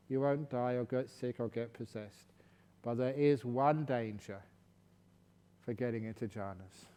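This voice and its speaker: Gentle man teaching in echoing hall. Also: medium pitch, smooth. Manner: gentle, calm, tells playful bad jokes. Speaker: meditation teacher. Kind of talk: dharma talk at a retreat.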